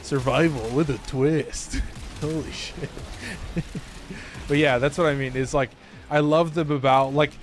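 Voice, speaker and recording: A man's voice: fairly high pitch, fairly even intonation, unhurried, pauses often, slight background noise. Laughing, rambling male game streamer. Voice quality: rambling, joking, laughs often. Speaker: gaming streamer. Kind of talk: casual live-stream chat.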